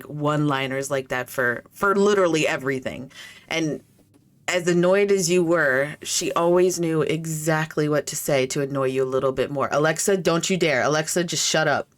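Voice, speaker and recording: A woman game streamer in a rambling casual chat with her viewers, swearing freely and telling stories between greetings. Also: deep voice.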